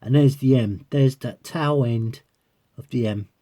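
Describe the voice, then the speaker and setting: A man's voice: mid-range voice, unhurried, mellow. A man vlogging as a coin collector, chatting casually to viewers and breaking into giggles as he rambles on. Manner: giggly, keeps breaking into laughter; rambling, talking while peering through a magnifier.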